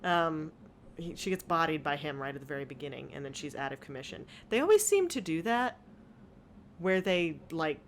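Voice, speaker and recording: Wry, low-voiced woman co-host. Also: very animated, normal speed, slight background noise. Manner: wry, blunt and profane. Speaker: podcast co-host. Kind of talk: casual podcast chat.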